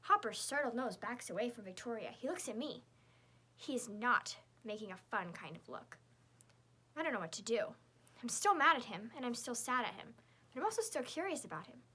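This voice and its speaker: An audiobook narrator reads a children's chapter book in the first person, speaking as the young girl herself. Her voice is bright, clear and slightly higher than average, and she keeps things lively, girlish and fairly quick.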